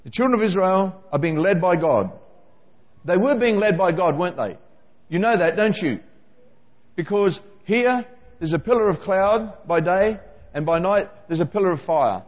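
Male preacher, high voice, questions the congregation, dull roomy hall sound. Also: normal speed. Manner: animated, questioning the congregation directly. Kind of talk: sermon.

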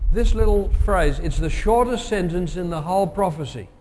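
A pastor delivering a sermon, measured and emphatic, slowing down to stress key phrases. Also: male voice, sits high, lively intonation, a little mellow. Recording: long hall reverb.

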